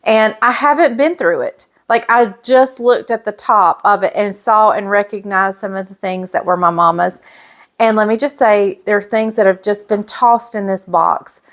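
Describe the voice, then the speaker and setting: A woman's voice: medium pitch, normal speed, a bit bright. A middle-aged woman, chatting casually and emotionally as she shows off gifts in a vlog. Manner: gushing, emotional, chatty with fillers. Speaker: pastor's wife and vlogger. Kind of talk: casual show-and-tell chat.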